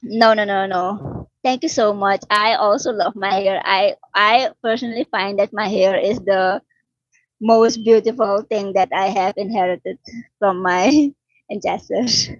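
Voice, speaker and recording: Woman from suriname chatting live w viewers, teasing, mid pitch, dull lo-fi dry sound. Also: steady tone, unhurried, no echo. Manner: chatty, answers comments, teasing. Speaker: livestream host chatting with viewers. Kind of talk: casual live chat. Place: home in Delhi.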